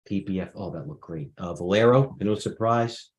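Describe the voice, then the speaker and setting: A man's voice: sits low, moderate pace. A middle-aged man hosting a live market stream, rambling through charts with restarts and fillers. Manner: rambling, thinks aloud, frequent restarts and fillers. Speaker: stock market livestream host. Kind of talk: casual market commentary over charts.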